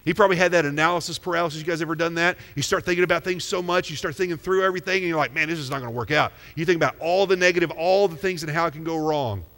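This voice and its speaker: Pastor, male, easy talking preacher who quizzes his flock; voice sits a bit high, big reverberant church sound. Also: fairly even intonation, racing, few pauses, fairly bright tone. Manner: conversational preaching, asks the crowd questions. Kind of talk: sermon. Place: church sanctuary. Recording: long hall reverb.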